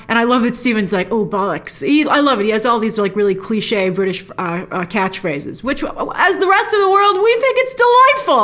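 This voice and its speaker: A woman hosting a casual TV episode review, animated and quick to act out lines from the scenes in put-on voices. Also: mid-range voice. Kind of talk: casual chat.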